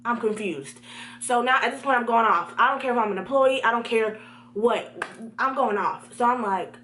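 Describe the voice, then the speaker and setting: A young woman telling a storytime vlog, animated and talking straight to her viewers. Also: fairly high pitch, normal speed, slight background noise. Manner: animated, talks to viewers directly.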